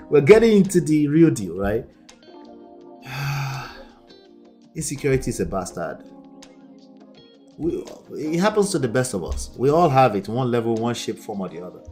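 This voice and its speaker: A man's voice: medium pitch, big pitch swings, measured pace, pauses often, a little mellow. Host type: man, emphatic relationship coach, faint music under his voice. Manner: emphatic, repeats points, laughs often. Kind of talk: casual reaction commentary.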